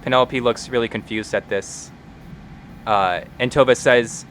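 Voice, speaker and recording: A man's voice: mid-range voice, fairly even intonation, a little slow, a bit bright, slight background noise. Casual male game master narrating. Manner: casual, filler-heavy narration.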